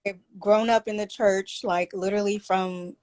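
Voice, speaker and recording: A woman author and therapist being interviewed over a video call, speaking softly and hesitantly with many pauses. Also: mid-range voice, steady tone. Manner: soft-spoken, hesitant, many fillers. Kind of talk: casual interview.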